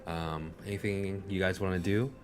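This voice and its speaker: A man narrating as game master for a tabletop game, in a relaxed manner full of fillers. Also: sits low, moderate pace, faint music behind.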